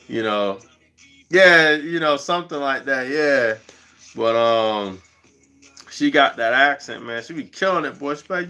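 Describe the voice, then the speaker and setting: A man's voice: mid-range voice, animated, measured pace, pushed and bright, smooth, faint music behind. A man hosting a livestream in a slangy, rambling casual chat, laughing often. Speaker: livestream host.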